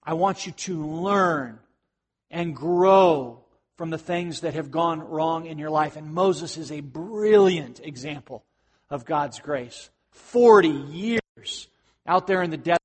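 A man preaching a sermon in a conversational way, dropping to hushed tones and rising to emphatic ones. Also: a little high, slow pace, in a large hall. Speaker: pastor.

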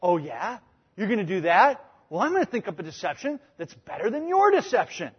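A man's voice: sits high, sing-song, brisk, slightly rough, long reverb tail, lo-fi sound, full character voice. A man preaching, voicing a cunning scheming wife in a mocking, sly tone.

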